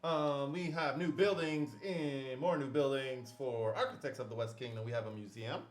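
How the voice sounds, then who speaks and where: A man's voice: steady tone, moderate pace, roomy sound, a little hiss or hum. Playful man hosting a live unboxing. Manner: playful, jokey home-shopping pitch. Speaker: host.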